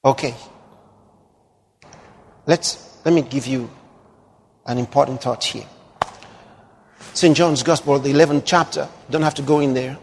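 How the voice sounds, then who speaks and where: A man's voice: mid-range voice, fairly even intonation, a little slow, long pauses, big-room sound, slight background noise. A man preaching a sermon emphatically, his voice rising to fervent exclamations.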